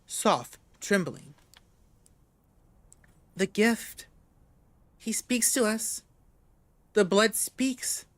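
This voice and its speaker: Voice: medium pitch, fairly bright tone, dry recording. Let's-play host reading a game aloud. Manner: casual, with joking asides.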